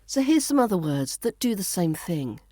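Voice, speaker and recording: A woman with a British accent teaching pronunciation, saying each word and example sentence slowly and clearly, then repeating it. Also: fairly low pitch, very animated, dark tone, dry recording, studio quality. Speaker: accent coach. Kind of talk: pronunciation lesson.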